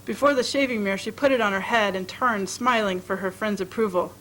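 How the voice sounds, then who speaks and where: A woman reading a short story aloud in a steady, expressive storytelling manner. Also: mid-range voice, brisk, a little hiss or hum, rough recording. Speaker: reader.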